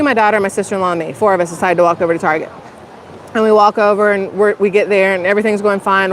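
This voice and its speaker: Chatty vlogger woman, rambling story, faint street noise behind. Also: mid-range voice. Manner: chatty, rambling, self-conscious, addresses viewers as y'all. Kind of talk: casual storytelling vlog. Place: outdoors in a public spot.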